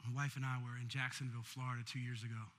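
A man's voice: medium pitch, little pitch movement, racing, fairly bright tone, a little hiss or hum. A man preaching a sermon as pastor, building in intensity, with call-and-response. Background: faint keyboard music.

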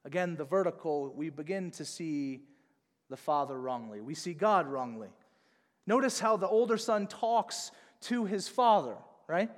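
A high-pitched male pastor delivers an emphatic sermon, dropping to a hush and then rising loud again. His voice rings out in a hall with a long, lingering reverb. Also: animated, a little slow. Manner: emphatic, swings between soft and loud.

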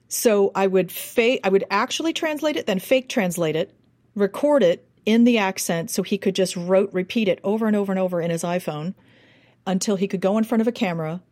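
A woman's voice: mid-range voice, fairly quick. An American woman, a dialect coach, telling stories in an interview and acting out accents as she goes. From United States. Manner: animated, demonstrates accents and sounds. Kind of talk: interview guest, casual storytelling.

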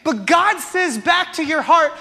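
A man's voice: very high-pitched, animated, a little slow, gravelly, bright, forceful tone, big-room sound. A man preaching a sermon, impassioned and asking the congregation rhetorical questions. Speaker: pastor.

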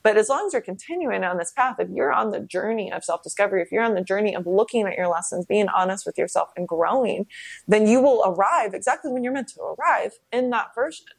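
Young woman host, casual confessional monologue, a bit of fry in the voice, loose and chatty. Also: medium pitch, animated, fast talker. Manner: candid, rambling, frequent "like" fillers and swearing. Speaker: podcast host.

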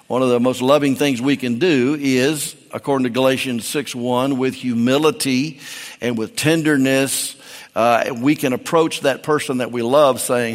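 Emphatic preacher in a reverberant hall. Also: male voice, medium pitch, fairly even intonation, normal speed. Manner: folksy, emphatic, with frequent restarts. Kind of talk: sermon.

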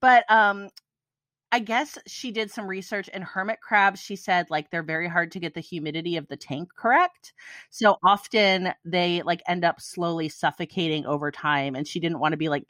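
A woman's voice: lowish voice, fairly bright tone, dry recording, clean studio sound. An American woman co-hosting a podcast, telling a story in casual chat and laughing often. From United States. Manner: chatty storytelling, laughs and wheezes a lot. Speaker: podcast co-host.

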